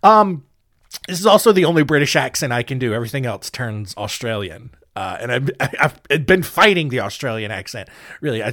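A man's voice: a little high, fairly bright tone. A man hosting a podcast, telling strange history stories in a joking, rambling way with many asides and ums. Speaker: podcast host. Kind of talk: comedic history storytelling.

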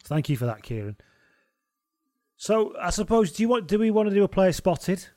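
A man's voice: high voice, big pitch swings, moderate pace, a little mellow, no echo, clean studio sound. A young man co-hosting a podcast, joking, swearing and reading out listener messages in casual chat. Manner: sweary, jokey, reads listener messages aloud. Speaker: podcast co-host.

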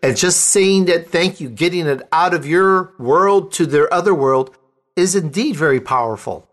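A man's voice: fairly high pitch, expressive, normal speed, a bit bright. A man hosting an interview show, speaking in an enthusiastic, effusive way. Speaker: talk show host. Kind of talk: interview conversation.

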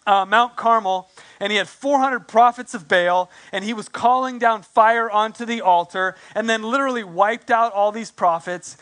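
A male pastor preaching a sermon in a conversational way, slipping quick acted asides into his telling. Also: sits high, sharp tone.

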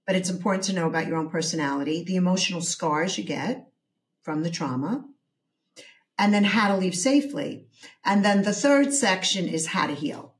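A woman therapist and author being interviewed, explaining her ideas in a measured way with some hesitations. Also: fairly low pitch, animated. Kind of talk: interview conversation.

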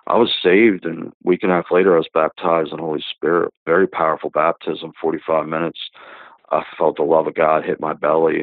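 Very deep-voiced man on a phone line. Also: dry recording. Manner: rambling, many fillers and restarts. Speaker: guest giving a testimony. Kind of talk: casual spoken testimony. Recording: tinny phone-line sound, dry.

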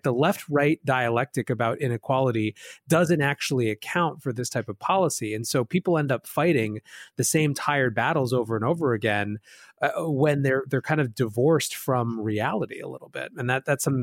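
A man hosting a podcast, speaking in a measured, thoughtful way with some halting restarts. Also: mid-range voice, dry recording, clean studio sound. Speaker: podcast host. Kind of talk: conversational podcast commentary.

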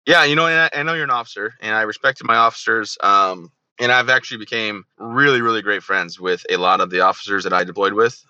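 Fast-talking man with a bright, forceful voice. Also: on the low side, dry recording, dull audio. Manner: joking, animated storyteller who acts out quoted dialogue. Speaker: podcast guest, army veteran. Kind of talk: casual interview storytelling.

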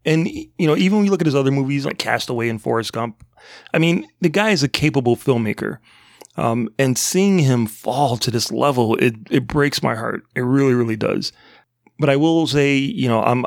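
A man's voice: mid-range voice, expressive, normal speed, vocal fry, no room sound, clean studio sound. A man co-hosting a casual movie podcast, rambling and laughing often. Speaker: podcast co-host. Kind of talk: casual movie review chat.

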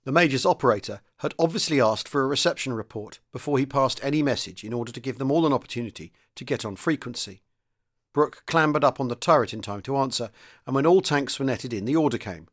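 A man reading a novel aloud in a steady, measured narrating voice. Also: mid-range voice. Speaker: reader. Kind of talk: audiobook-style novel reading.

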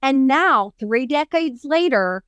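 A high, smooth voice takes its time as this woman co-hosts a coaching podcast, with no echo in the recording. Animated as she recounts a story, she mimics the voices she quotes and hits her lists hard.

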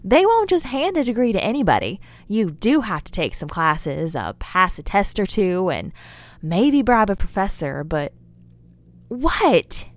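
A woman with a mid-range, sing-song voice speaks at a measured pace with no room sound. She plays a folksy, chatty character in an audio drama monologue, rambling and scolding her listener while lecturing him about memes in this scripted piece.

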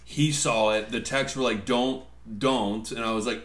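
A man telling work stories in a relaxed podcast chat, jumping into the voices of the people he quotes. His voice carries a noticeable room echo. He speaks at an ordinary mid pitch. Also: measured pace, few pauses, slight background noise. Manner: animated storyteller, acts out quotes. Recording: roomy echo.

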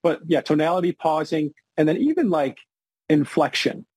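A man's voice: a little high, big pitch swings, moderate pace, darkish tone, husky, no echo. A man speaking as a podcast guest, a retirement planner explaining with self-deprecating asides. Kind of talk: conversational podcast interview.

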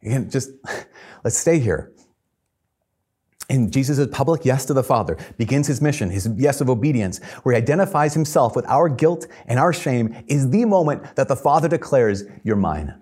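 Husky-voiced male preacher. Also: mid-range voice, animated, normal speed, a little mellow. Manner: conversational, earnest preaching with chuckles. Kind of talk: sermon.

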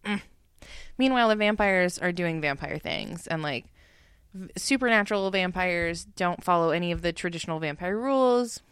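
Smooth-voiced woman, opinionated podcast co-host. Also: on the low side, moderate pace, no room sound, studio quality. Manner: opinionated, animated, quotes characters in paraphrase. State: tipsy from drinking. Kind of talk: casual chat recap.

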